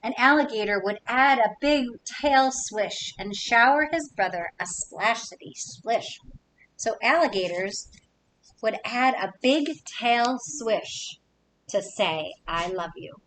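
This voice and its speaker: A woman reads a children's picture book aloud, slow and unhurried. Her voice sits fairly high and swoops up and down with lively expression. She keeps turning to the children with playful questions. A faint low rumble sits under the recording. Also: poor audio. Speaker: children's story reader.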